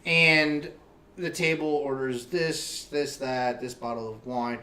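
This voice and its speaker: A man hosting a casual interview show, telling a story in a profane, animated way. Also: medium pitch, slow pace, reverberant, recorded from a distance. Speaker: host.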